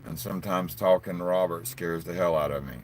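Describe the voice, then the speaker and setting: A man with a deep, low voice and a Southern hillbilly drawl talks to his viewers in a loose, rambling live stream. His talk is blunt and full of cussing. A faint background ambience sits under the voice. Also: steady tone, fairly quick, slight background noise. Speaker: livestreaming vlogger. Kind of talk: casual live-stream chat.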